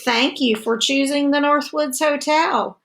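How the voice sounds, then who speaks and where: A woman's voice: high voice, unhurried, creaky, noisy background, voice pushed up. Woman playing prim polite hotel mice. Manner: sweetly polite, formal.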